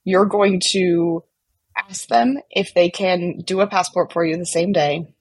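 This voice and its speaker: Chatty woman with a husky voice. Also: fairly low pitch, a little slow, no echo, poor audio. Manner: animated, chatty, many fillers like "like". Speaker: podcast guest telling a story. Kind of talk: casual storytelling.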